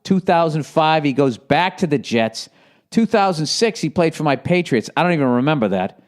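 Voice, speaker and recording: A man's voice: on the high side, animated, normal speed. A man in his forties with a Boston accent, hosting a casual solo podcast and rambling with lots of swearing. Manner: profane, rambling, slips into shouted movie-gangster impressions. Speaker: podcast host.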